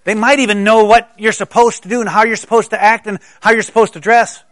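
A middle-aged South Carolina man preaches a sermon in a higher-pitched, fairly bright voice, talking fast in a level tone. He tells stories casually and conversationally, stammering and restarting, and the sound is dry and close with no echo.

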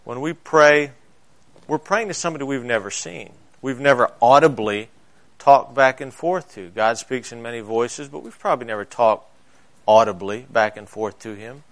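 A male pastor, preaching a sermon. He tells stories and swings between loud emphasis and quiet asides. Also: mid-range voice, moderate pace.

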